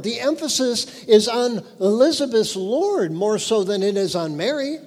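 A man preaching a sermon, earnest and emphatic, dropping lower and quieter when he reads scripture. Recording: long hall reverb.

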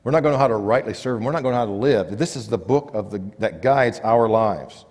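Man preaching in a reverberant church. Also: quick pace. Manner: rising and dropping emphatic delivery, quiet low stresses. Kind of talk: sermon. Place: church sanctuary.

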